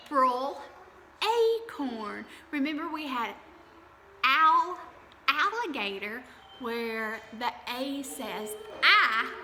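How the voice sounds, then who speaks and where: Female kindergarten teacher, lively up-and-down delivery, exaggerated vowel sounds, echoing room. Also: on the high side, noisy background. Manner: sing-song, exaggerated vowel sounds, coaxing questions. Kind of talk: early-years phonics lesson.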